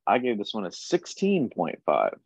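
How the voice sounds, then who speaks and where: A young man co-hosting a casual album review podcast, enthusiastic and quick to laugh. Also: on the low side, huge pitch swings, vocal fry, no echo, poor audio. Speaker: podcast co-host.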